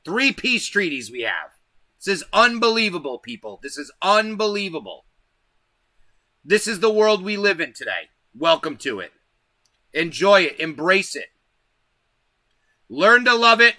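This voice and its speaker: A man's voice: high voice, big pitch swings, measured pace, pauses often, bright, forceful tone, no room sound. A man hosting a livestream, delivering a profane, emphatic political rant straight to his viewers. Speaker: livestream host. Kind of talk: ranting political livestream monologue.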